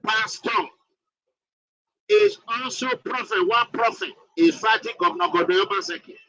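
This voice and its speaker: Nigerian-accented live show host, dramatic delivery, gravelly high voice. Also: male voice, sing-song, normal speed, pushed and bright, highs cut off. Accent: Nigerian English. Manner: dramatic, emphatic announcing. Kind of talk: live online talk show.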